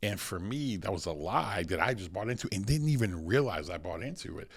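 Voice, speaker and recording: American guy, pastor, really low voice, energetic rambling stories on a podcast. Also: brisk, breathy edge. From United States. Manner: energetic storytelling, many fillers and restarts. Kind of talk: casual podcast conversation.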